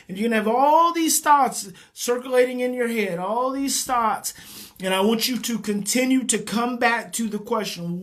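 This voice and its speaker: A man, a parenting educator, leading a guided emotional exercise in a slow, repetitive coaching cadence. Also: very high-pitched, fairly bright tone.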